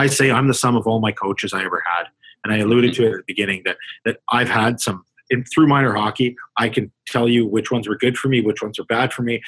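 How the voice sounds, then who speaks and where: The speaker is a Canadian man, a hockey coach, musing conversationally about his coaching in a casual interview and often starting his sentences over. His mid-range voice is a bit bright and slightly rough, and the recording itself is rough.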